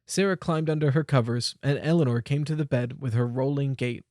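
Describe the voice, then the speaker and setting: Young male audiobook narrator, middle-pitched, expressive, dry close mic. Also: fairly quick, dry recording. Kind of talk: scripted narration.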